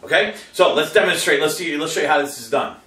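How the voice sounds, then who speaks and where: A male dog trainer giving an animated lesson to camera and checking in with listeners, often slipping into high voices to quote dog owners. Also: fast talker, a little hiss or hum. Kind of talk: instructional talk to camera. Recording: roomy sound from a distant mic.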